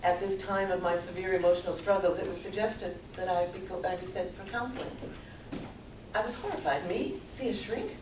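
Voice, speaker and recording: A middle-aged woman giving a conference talk, telling her own story in an earnest, measured way. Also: on the low side, fairly even intonation. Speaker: conference speaker. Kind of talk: prepared personal talk read aloud. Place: conference room. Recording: roomy, distant with background noise.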